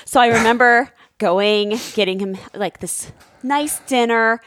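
A woman's voice: a little high, measured pace, no room sound. A woman telling a story in casual chat, acting out quoted voices with lots of filler words. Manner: animated, acts out quoted voices; frequent "like" fillers. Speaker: storyteller with her husband.

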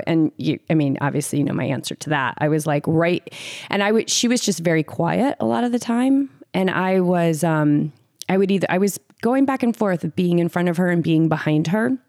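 Low-voiced earnest woman telling a story. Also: a little mellow, no echo, studio quality. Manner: earnest, lots of "like" fillers. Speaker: podcast guest, ultrarunning pacer. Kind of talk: casual storytelling conversation.

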